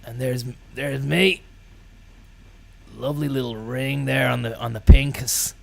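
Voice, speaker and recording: A man, telling rambling deadpan comic stories full of swearing and trailing mumbles. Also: mid-range voice, measured pace, creaky. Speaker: comedian.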